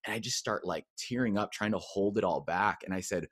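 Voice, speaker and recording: A man with a low-pitched voice tells his personal story in a candid, conversational way. He is animated and slips into the voices of the people he quotes. The sound is dry and close. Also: fairly quick, breathy edge, no echo. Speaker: podcast guest.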